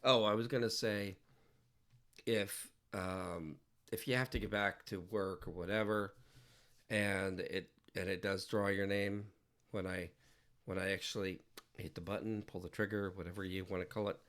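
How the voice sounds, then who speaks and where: A man's voice: sits low, fairly bright tone. A man chatting casually on a livestream while he draws, rambling and joking with wordplay. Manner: playful, rambling, jokey wordplay. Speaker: digital artist livestreaming.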